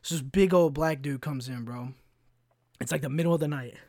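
Man, solo podcast host, profane animated storytelling, slightly high voice, dry close sound. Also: moderate pace, no echo. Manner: mimics customers' voices in stories.

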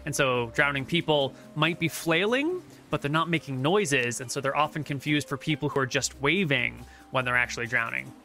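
A man's voice: mid-range voice, moderate pace, hardly any pauses, bright, forceful tone, soft background music. A man narrating a tabletop game as game master over an online voice call, rambling and searching for words with many fillers.

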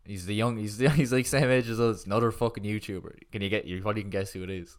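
A man's voice: on the low side, fairly even intonation, quick pace. A man in his twenties with an Irish accent, co-hosting a podcast in casual, rambling chat full of swearing and filler words. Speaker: podcast co-host.

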